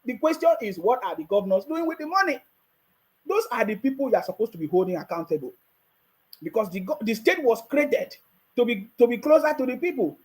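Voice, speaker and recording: A man's voice: extremely high pitch, big pitch swings, a little fast, rough recording. A man with a Nigerian accent giving mocking, casual live-stream commentary and laughing often.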